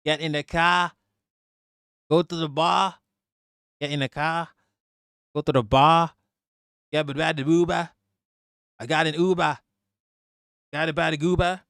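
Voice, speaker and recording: A man's voice: on the high side, fairly even intonation, measured pace, pauses often, fairly bright tone, clear, resonant tone, no room sound, clean studio sound. A man putting on a sing-song Boston guy. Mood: mocking. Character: male exaggerated Boston-accent guy.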